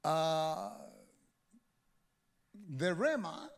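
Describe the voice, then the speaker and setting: A man preaching a sermon as pastor, animated and joking with the congregation. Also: on the high side, extremely slow, vocal fry.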